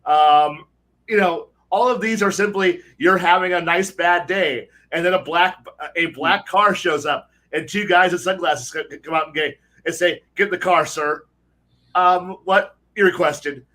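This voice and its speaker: A man's voice: high voice, unhurried, sharp tone. A man on a podcast panel for dungeon masters, talking in a rambling, profane, casual way with many restarts. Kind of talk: casual chat. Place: podcast recording.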